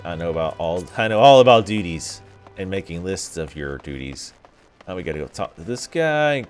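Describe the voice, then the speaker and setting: A fairly low-voiced man plays through a game and reads its dialogue aloud, with a lively, swooping delivery. He keeps cutting in with sarcastic, profane remarks, and faint game music plays underneath. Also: normal speed. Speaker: let's play gamer. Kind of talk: gameplay commentary, reading game dialogue aloud.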